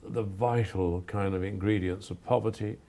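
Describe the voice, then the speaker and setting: Older male photographer from England, gravelly and mellow, earnest and reflective. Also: fairly low pitch, fairly even intonation. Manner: earnest, measured, with frequent restarts. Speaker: photographer guest. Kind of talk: reflective interview answers.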